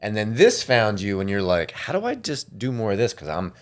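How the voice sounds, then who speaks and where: A man's voice: fairly low pitch, wildly swooping pitch, brisk. A man hosting a business interview who sums up and reflects back what his guest says. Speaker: interview host. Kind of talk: casual interview questions.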